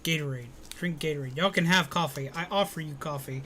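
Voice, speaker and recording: Man, live-stream chat, fairly high pitch, faint background hiss, chatty, recovering from illness. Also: a little fast, pushed and bright. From Alabama, US. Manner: chatty, reading out and answering viewer comments.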